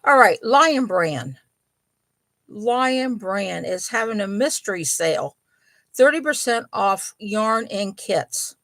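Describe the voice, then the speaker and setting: Slow, gravelly-voiced woman chatting casually. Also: mid-range voice, expressive, a bit bright, no echo. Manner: chatty, rambling, many ums and apologies. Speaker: host of a yarn and crochet channel. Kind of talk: casual live chat. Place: home.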